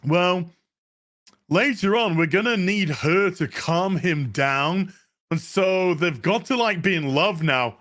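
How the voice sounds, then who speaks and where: Rich: An exasperated reviewer ranting about a show, sarcastic and full of swearing. The voice is bright and animated, with big swings in pitch, while the pace stays slow and drawn out.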